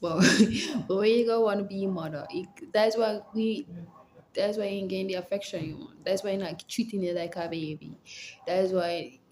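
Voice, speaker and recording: A young woman with a Jamaican accent chats straight to camera, telling stories and playing out both sides of arguments. Her voice sits at an ordinary middle pitch. A little background noise hums under the recording. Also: normal speed. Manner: animated storytelling, acts out quoted lines. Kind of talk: casual advice monologue.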